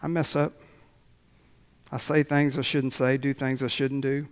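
A man's voice: mid-range voice, level tone, unhurried, smooth. A man preaching a folksy sermon as pastor, telling a story and closing in prayer. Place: church sanctuary. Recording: long church reverb.

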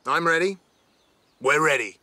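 A man's voice: on the high side, animated, a little slow, bright, forceful tone, exaggerated voice. An actor playing an eager male car-hunting sidekick with an Australian accent, an awed and chatty car enthusiast in video game dialogue. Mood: excited.

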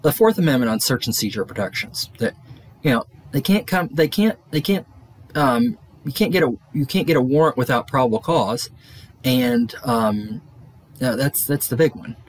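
A male college lecturer talks through his material in a loose, rambling way. His slightly husky voice swings widely in pitch, and he fills pauses with ums and restarts. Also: expressive. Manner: rambling, many fillers and restarts. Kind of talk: classroom lecture.

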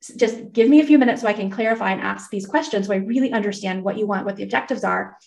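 A woman's voice: medium pitch, fast, gravelly, darkish tone. A middle-aged woman, a hiring consultant, explaining things energetically as a guest in an interview. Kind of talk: interview conversation.

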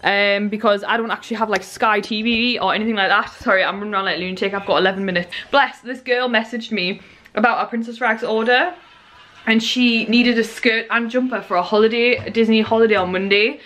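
A young woman vlogging at home in a rushed, gushing and excitable way. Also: on the high side. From United Kingdom. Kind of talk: casual vlog chat. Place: at home in a living room. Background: television audio.

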